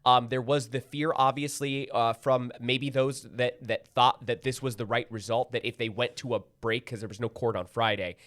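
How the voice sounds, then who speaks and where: A male host on a local news talk show, speaking in a conversational way and often restarting his sentences. His voice sits at an ordinary middle pitch. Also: fairly even intonation, normal speed, hardly any pauses, fairly bright tone. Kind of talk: casual studio chat.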